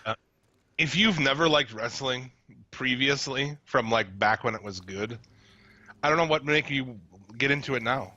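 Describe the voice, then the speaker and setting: A blunt, profane man rants and laughs through casual podcast chat. His voice sits at an everyday middle pitch and comes through dry and slightly dull, like lo-fi stream audio. Nothing sounds polished. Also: moderate pace, pushed and bright, no room sound. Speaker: podcast co-host.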